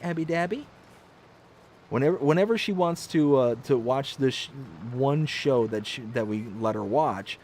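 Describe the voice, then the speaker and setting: A man's voice: medium pitch, darkish tone, a little hiss or hum. A man hosting a livestream, telling rambling stories and reading viewer comments aloud in a casual way. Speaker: livestream host.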